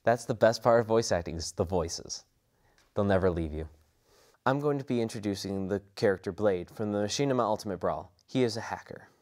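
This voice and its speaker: Earnest young man, rambling, a little low. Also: a little fast, a little mellow. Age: young adult. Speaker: voice actor and student. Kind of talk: casual interview talk.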